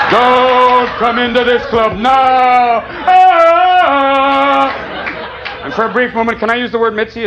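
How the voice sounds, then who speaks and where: Manic high-voiced man on a comedy stage. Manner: manic, rapid-fire voices and shouts. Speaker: stand-up comedian. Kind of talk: improvised stand-up routine. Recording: loud crowd laughter, noisy live room. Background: audience laughing.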